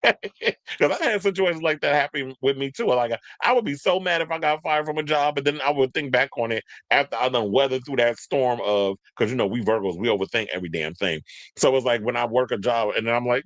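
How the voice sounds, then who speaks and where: A man's voice: medium pitch, animated, brisk, fairly bright tone, no echo. Man, casual commentator, blunt and rambling, dry close sound.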